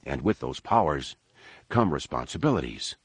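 A man voicing a calm, wise master who speaks sincerely and gently warns his young nephew. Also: very deep voice, normal speed, breathy edge, no echo, pitched below the performer's own voice, full character voice. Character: calm, wise middle-aged male master and uncle.

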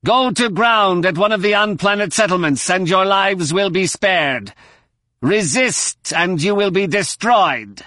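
A man voicing a menacing alien invader commander who gives slow, thundering orders over a comm channel. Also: high voice, lively intonation, pushed and bright, dry recording, studio quality, voice pushed up, full character voice.

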